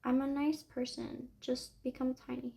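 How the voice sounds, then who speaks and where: A woman's voice: high voice, flat delivery, moderate pace, gravelly, warm tone. A young woman chatting casually and rambling about a book while making a digital journal. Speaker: book vlogger.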